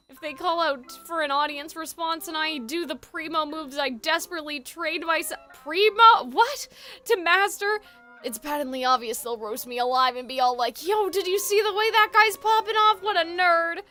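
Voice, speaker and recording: A woman's voice: animated, normal speed, sharp tone, faint music behind, heavily acted. A woman voicing a gloomy, reclusive young man who mutters anxious rants. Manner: low, muttering rant.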